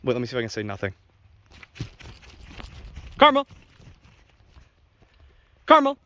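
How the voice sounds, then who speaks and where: A man's voice: fairly low pitch, fairly even intonation, very fast. A man, a dog trainer, giving blunt, opinionated casual commentary to viewers while walking outdoors. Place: outdoors on a wet walk with his dog.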